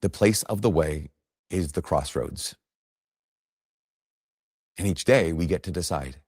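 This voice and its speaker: A man's voice: sits low, a little slow, a little mellow, breathy edge, no echo, clean studio sound. A man preaching a sermon, telling a story earnestly and rising in emphasis at key points.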